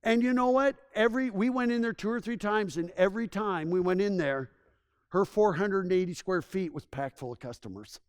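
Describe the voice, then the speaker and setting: High-voiced, enthusiastic male presenter. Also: fairly quick, clean tone. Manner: enthusiastic, conversational storytelling with frequent restarts. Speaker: tourism consultant presenting to a town. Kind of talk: public presentation.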